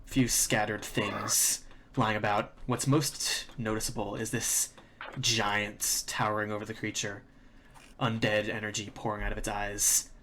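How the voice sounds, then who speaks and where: Slow-narrating male game master. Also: lowish voice, level tone, pushed and bright, slight background noise. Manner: slow, drawn-out descriptive narration. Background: faint music.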